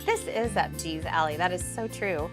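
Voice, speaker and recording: A woman's voice: fairly low pitch, normal speed. A woman hosting a casual cooking demonstration in a home kitchen, chatty and playful as she talks with the crew. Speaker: cooking show host. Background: background music, sizzling pan.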